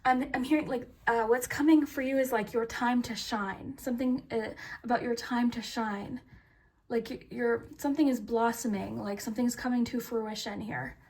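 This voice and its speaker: A woman's voice: on the high side, steady tone, moderate pace, darkish tone, breathy edge. Giggly, flustered woman reading tarot. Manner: giggly, flustered, with many fillers and restarts. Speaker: tarot reader. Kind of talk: casual tarot reading to camera.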